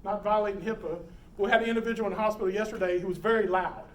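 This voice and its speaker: Animated male safety instructor, roomy hall. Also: high voice, rapid-fire. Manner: animated, quizzes audience, acts out scenes. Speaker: emergency preparedness instructor. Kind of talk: live classroom talk. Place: lecture room with audience. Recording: roomy hall, distant mic, faint noise.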